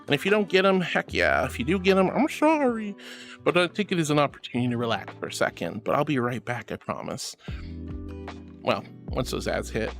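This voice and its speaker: A woman's voice: sing-song, a little fast, soft background music. A woman streamer reading her livestream chat aloud, doting on viewers and calling them honey and sweetie. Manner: affectionate, calls everyone honey and sweetie; bubbly with squealing high greetings. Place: virtual reality stream setup.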